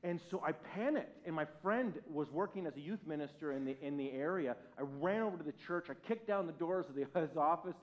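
A male pastor delivers a sermon with a lively, self-deprecating storytelling style, his speaking voice sitting a touch high for a man. The recording is dull and lo-fi, with the crisp top end missing. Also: a little fast, hardly any pauses. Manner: animated, self-mocking storytelling with wide swings in loudness. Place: church service. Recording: dull lo-fi sound.

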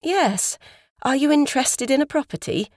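A woman voicing a high-strung female estate agent who talks in shrill, rising questions. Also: expressive, normal speed, darkish tone, no room sound, studio quality. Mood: polite, bright.

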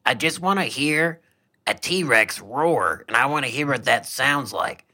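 A man's voice: medium pitch, measured pace. A man co-hosting a podcast, chatting in a playful, goofy way. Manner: playful, goofy, lively banter. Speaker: podcast co-host. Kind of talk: casual comedic chat.

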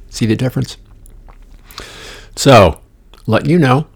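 Gravelly man rambling through a comic podcast. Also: on the low side, unhurried, long pauses. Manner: profane, digressive, playful asides and whispered jokes. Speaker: podcast host. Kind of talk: rambling comedic monologue. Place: condominium room.

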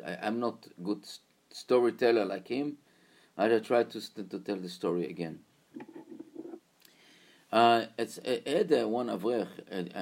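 Gravelly man telling a story. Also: on the low side, mellow. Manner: halting, repetitive, informal.

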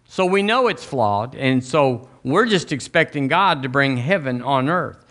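A man preaching a sermon as pastor, folksy and emphatic, climbing higher on key lines. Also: expressive, measured pace, fairly bright tone. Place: church sanctuary.

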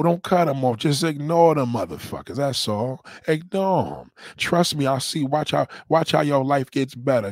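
A man hosting a livestream, giving a blunt, profane motivational rant and slowly repeating a mantra. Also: medium pitch, dry recording, studio quality. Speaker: livestream host.

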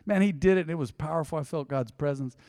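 A male pastor with a fairly high voice delivers a sermon in a relaxed, joking, conversational way, prompting the congregation to repeat phrases back to him. His voice is close and dry at the mic, yet a long reverb trails behind it in the church. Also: quick pace. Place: church sanctuary.

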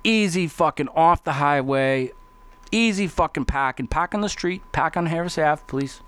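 A man talking casually as a podcast host, rambling and swearing constantly, getting excitable. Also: a little high, normal speed, clear, resonant tone. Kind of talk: casual profane monologue.

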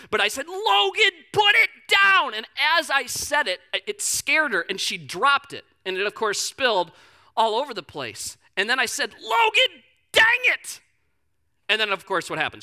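A man in his thirties preaching a sermon with a bright, forward voice. He talks like he is chatting with friends, telling stories about his own mistakes, then drops to a hushed, earnest tone. His rhythm is loose, with quick restarts and repeated words. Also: high-pitched. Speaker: pastor.

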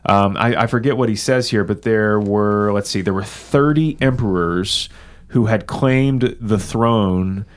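A man, co-hosting a casual talk on church history, measured and explanatory with many filler words. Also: lowish voice. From American South. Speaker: podcast co-host.

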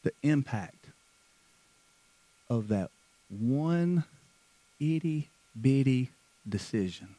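A man preaching a sermon who moves between hushed, slow passages and loud, fervent stretches, often repeating words. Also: medium pitch, lively intonation, dry recording, rough recording. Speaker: pastor.

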